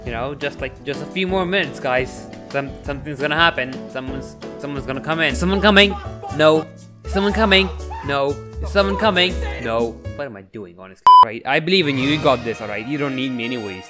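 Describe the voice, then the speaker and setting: A man giving excitable gameplay commentary as a gaming video creator, often yelling and joking. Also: mid-range voice, fairly quick. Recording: music playing behind.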